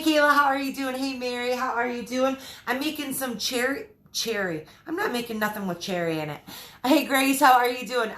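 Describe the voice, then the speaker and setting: Woman from Michigan, friendly live-stream cooking host, slightly high voice, roomy kitchen sound. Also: a bit bright. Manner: chatty, greets viewers by name between recipe steps. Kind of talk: casual live cooking chat. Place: home kitchen.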